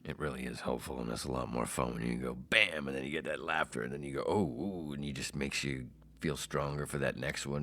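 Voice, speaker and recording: A man in his forties hosting a solo comedy podcast, brash and self-mocking, swearing freely and swinging between loud bursts and whispers. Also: rumbling low, brisk, few pauses, a little hiss or hum. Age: 40s. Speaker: podcast host.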